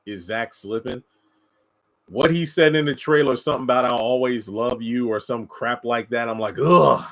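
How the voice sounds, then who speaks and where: Man, TV reviewer, casual commentary, animated, answers chat, mid-pitched voice. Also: normal speed, rough recording. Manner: animated, mocks characters with high put-on voices. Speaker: TV show reviewer.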